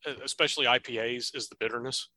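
A man co-hosting a casual podcast, chatty and quick to laugh, often restarting his sentences. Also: mid-range voice, steady tone, bright, forceful tone, dry recording. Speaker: podcast co-host. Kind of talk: casual chat.

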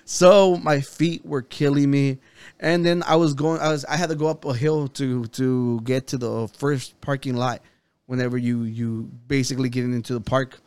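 A man's voice: medium pitch, fairly even intonation, moderate pace, a little mellow, smooth, no room sound. A man, a podcast co-host, telling a long story in casual chat, rambling, swearing and quoting himself and others.

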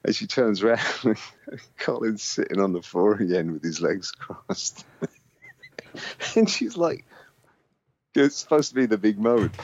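A man with a very deep voice telling a rambling anecdote, swearing freely and laughing often. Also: very animated, unhurried, pauses often, darkish tone. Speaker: musician guest. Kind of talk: casual storytelling. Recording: dull lo-fi sound.

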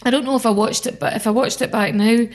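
A woman's voice: a little high, steady tone, fast talker, a little mellow. A middle-aged woman, a member of parliament talking earnestly in an interview, with many fillers and restarts. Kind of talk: conversational interview.

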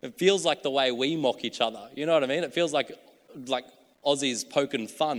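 Aussie bloke preaching, laid back and jokey, voice rings round a big hall. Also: male voice, medium pitch, moderate pace. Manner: casual, joking, chatty storytelling. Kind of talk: sermon.

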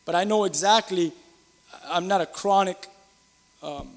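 A middle-aged male pastor preaching with earnest, emphatic force, his voice sitting a little high for a man. He repeats phrases for weight and builds toward loud peaks. The sound carries a long reverb, as in a large hall. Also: unhurried. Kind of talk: sermon.

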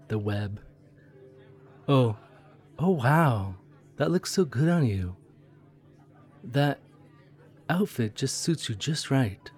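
An actor playing a friendly, chatty train conductor in an audio drama role-play, curious and easily excited. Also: male voice, mid-range voice.

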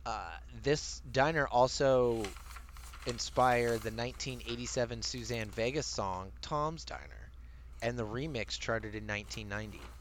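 A man chats casually on a podcast, animated and quick to laugh. His delivery is loose, with casual swearing. A faint background noise sits under the voice. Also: medium pitch. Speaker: podcast co-host. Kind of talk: casual chat. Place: lives near Maryland.

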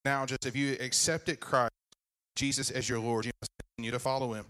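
A man, preaching a sermon as pastor, with animated asides and questions to the congregation. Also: medium pitch, a little fast, poor audio. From Virginia.

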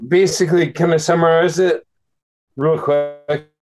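A very drunk man co-hosting a podcast, halting and slurring as he reads aloud. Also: a little high, level tone, over music. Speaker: podcast co-host. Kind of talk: drunken casual chat.

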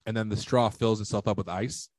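A man's voice: lowish voice, steady tone, brisk, darkish tone, no room sound. A man co-hosting a podcast in casual chat, joking and emphatic as he tells stories. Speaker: podcast co-host.

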